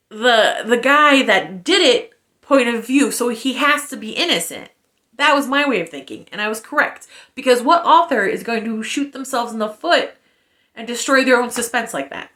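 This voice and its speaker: Woman in her thirties, book review rant, sarcastic, blunt, swears, slightly high voice. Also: expressive, normal speed, pushed and bright. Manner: blunt, sarcastic, swears freely, lots of fillers.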